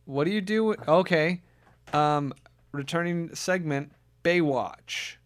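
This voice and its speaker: A man's voice: on the high side, takes it slowly, smooth. A man hosting a podcast in casual chat, giggly and often restarting his sentences. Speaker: podcast host.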